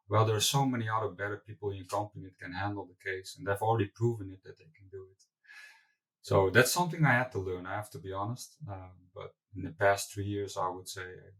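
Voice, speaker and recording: A man's voice: lowish voice, a bit bright, recorded from a distance, poor audio. A man, a company founder being interviewed, answering candidly with loose asides and restarts. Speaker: company founder and CEO, guest.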